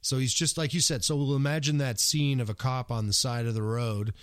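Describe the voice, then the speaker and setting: A man's voice: mid-range voice, fairly quick, dry recording, clean studio sound. A man co-hosting a podcast, chatting casually and joking playfully. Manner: lively, joking, playfully mocking. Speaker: podcast co-host.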